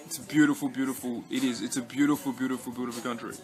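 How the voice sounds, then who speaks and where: A man's voice: mid-range voice, fairly even intonation, very fast, music in the background. A young Australian man from Western Australia vlogging in a loose, rambling way, cursing a lot and restarting his sentences. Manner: rambling, heavy swearing, many restarts and fillers. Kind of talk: casual rambling vlog chat.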